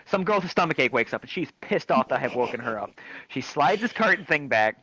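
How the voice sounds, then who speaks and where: Lively, crude male storyteller. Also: mid-range voice, fast talker, no echo. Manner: crude, animated, shrieks quoted lines. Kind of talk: comic anecdote told to a crowd. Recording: dry, dull lo-fi mic.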